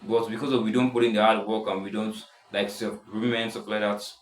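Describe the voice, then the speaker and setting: A seventeen-year-old boy with a deep voice, rambling casually in a self-improvement vlog, full of restarts. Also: little pitch movement, fast, echoey room, rough recording. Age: teens. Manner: rambling, many restarts and "stuff like that". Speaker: vlogger.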